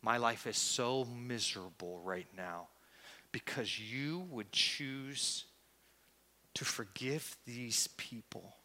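A man's voice: medium pitch, takes it slowly, pushed and bright. A man voicing a frustrated, bitter male prophet who begs to die, exasperated and pleading, in a long-echoing hall. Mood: despairing. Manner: exasperated, pleading, rising to outrage.

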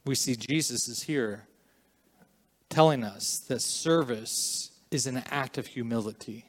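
A man preaching a sermon, earnest and emphatic in places, quieter and reflective in others. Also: medium pitch, measured pace. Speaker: pastor.

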